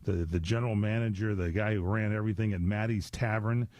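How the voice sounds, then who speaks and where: A man's voice: fairly low pitch, fairly even intonation, brisk, darkish tone, no room sound. A man hosting a local radio interview, talking in a chatty, rambling way with lots of restarts. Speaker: radio show host.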